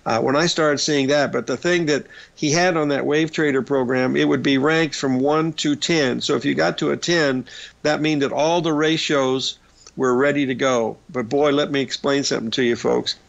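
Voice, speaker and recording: Gravelly older man telling trading stories. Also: medium pitch, fairly even intonation, normal speed. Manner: rambling anecdotes with many fillers. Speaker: radio show host. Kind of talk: casual storytelling on a market show. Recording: dull lo-fi broadcast audio.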